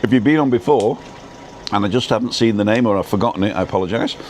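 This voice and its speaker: A man's voice: fairly low pitch, fast, a crowd in the background. Chatty man greeting live viewers. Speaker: live stream co-host. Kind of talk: casual live-stream chat, reading out viewer names. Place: outdoors in Tenerife.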